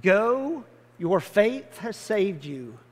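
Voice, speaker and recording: A man voicing a calm male teacher who speaks quietly and slowly. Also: high voice, long reverb tail, exaggerated voice. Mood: gentle.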